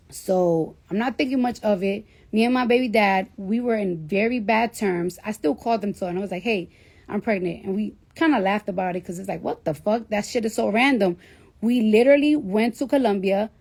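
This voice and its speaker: A woman in her thirties telling a story casually on a live stream, swearing freely and acting out the dialogue. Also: mid-range voice. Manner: profane, animated storytelling with quoted dialogue. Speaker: livestreamer.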